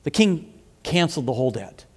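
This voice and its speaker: A man's voice: fairly high pitch, sing-song, brisk. A male pastor preaching a sermon, explaining scripture with asides and frequent restarts. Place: church sanctuary. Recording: long hall reverb.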